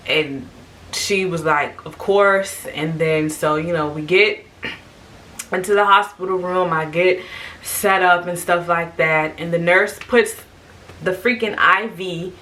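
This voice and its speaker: A young woman telling a story in a casual, animated way, acting out what people said. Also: fairly low pitch, measured pace, far from the mic, rough recording. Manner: animated, lively, quotes people in raised voices. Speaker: vlogger.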